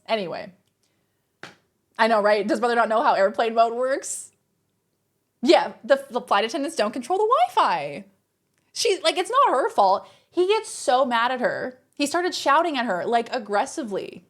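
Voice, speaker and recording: A woman streamer telling a story to her live chat in a lively, exasperated way, swearing freely. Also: on the high side, normal speed. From Australia.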